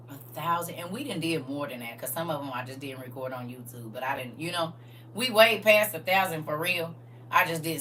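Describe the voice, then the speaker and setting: A woman's voice: low voice, fairly bright tone, recorded from a distance, a little hiss or hum. Lady running a bible study stream, reads scripture then preaches to the chat, sits back from the mic. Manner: casual, preachy, talks to her viewers directly. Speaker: Bible class teacher. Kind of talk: livestreamed Bible study class.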